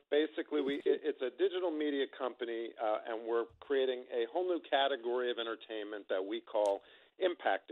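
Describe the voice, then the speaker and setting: A man being interviewed by phone about his company, explaining in an upbeat way with plenty of fillers. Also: medium pitch. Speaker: guest, company executive. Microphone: telephone. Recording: tinny phone line.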